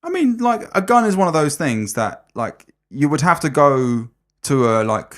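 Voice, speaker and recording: A man's voice: on the high side, big pitch swings, moderate pace. A young man co-hosting a podcast in casual chat, swearing freely, laughing often and stumbling over his words. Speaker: podcast co-host.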